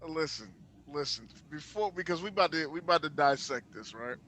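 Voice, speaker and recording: A man's voice: a little high, lively intonation, fairly quick, pushed and bright, slight background noise. A man co-hosting a podcast, talking casually and emphatically. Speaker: podcast co-host. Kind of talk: casual chat.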